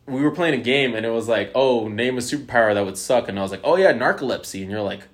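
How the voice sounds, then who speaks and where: A young man chatting casually with a friend, mid-pitched and talking in an easy, everyday way. He tells stories animatedly, swears freely and leans on filler words. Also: fast. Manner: animated storyteller, acts out quoted lines. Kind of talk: casual chat.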